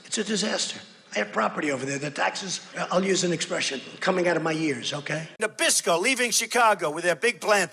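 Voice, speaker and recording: A man's voice: high-pitched, pushed and bright, breathy edge. An older man giving a blunt, repetitive rally speech with mocking asides, recorded in a large arena. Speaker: political candidate speaking at rallies. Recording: hall reverb with crowd noise.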